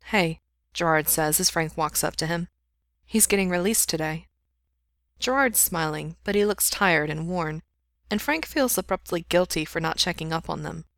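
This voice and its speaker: A woman reading a fan fiction story aloud in steady, unhurried narration. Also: deep voice, vocal fry, no room sound.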